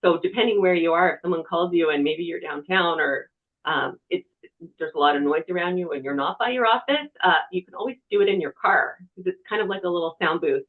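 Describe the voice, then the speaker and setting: A TV reporter presenting a webinar, giving practical media-training advice in a conversational way, from a quiet room. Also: mid-range voice, brisk. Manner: conversational, talks with hands. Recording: tinny phone-like webinar audio.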